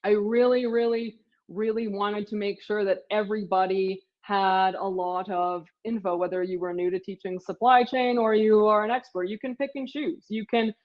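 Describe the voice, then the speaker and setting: A woman's voice: medium pitch, steady tone, normal speed, hardly any pauses. A middle-aged professor and author giving a casual slide presentation of her course materials, talking chattily with many fillers. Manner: chatty, many fillers like "you know" and "sort of". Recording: slightly dull lo-fi audio.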